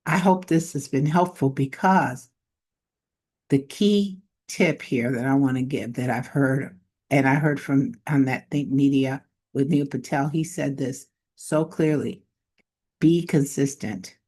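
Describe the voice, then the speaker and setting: A woman's voice: extremely low pitch, a little slow, warm tone, slightly rough. A woman giving casual online marketing tips to camera, modest and conversational, thinking aloud as she goes.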